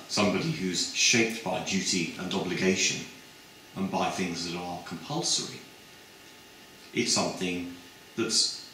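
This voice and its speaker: A middle-aged man giving a public lecture in a measured, discursive way, with many filled pauses. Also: on the low side, pushed and bright, slight background noise. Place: lecture hall. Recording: echoey hall from a distant mic.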